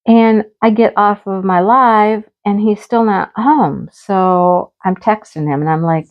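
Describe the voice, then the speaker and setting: A middle-aged woman chats in a relaxed way through her crafting vlog, a mid-pitched voice that keeps laughing through a story. The sound is a bit dull and lo-fi. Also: measured pace, few pauses. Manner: chatty storyteller, laughs often, acts out dialogue. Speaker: craft vlogger and teacher. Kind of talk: casual chat while crafting. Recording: slightly dull lo-fi audio.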